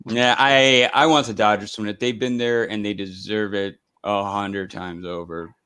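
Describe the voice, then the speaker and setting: A man's voice: on the low side, steady tone, normal speed, bright, forceful tone, clear, resonant tone, no echo, low-quality recording. Rambling male live-stream host. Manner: rambling, full of fillers and restarts. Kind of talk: casual live-stream chat.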